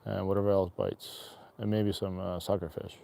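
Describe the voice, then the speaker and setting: A man with a soft, warm and mellow voice talks his way through a slow fishing day, rambling and wry. He chats to himself and to passersby outdoors by an icy river. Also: low voice, level tone, creaky, no room sound. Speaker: angler streaming live. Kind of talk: casual fishing vlog chatter.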